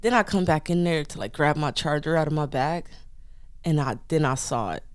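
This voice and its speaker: With a deep voice at normal speed, a woman co-hosting a podcast tells an animated story in casual chat, acting out the people involved. Her tone is clean, and the recording is dry and studio quality.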